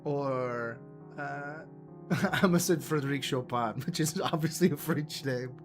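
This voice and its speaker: Talking to himself with music playing behind him, this livestream host rambles through a fantasy world's lore in a self-deprecating way. His voice is a little high and his pace measured.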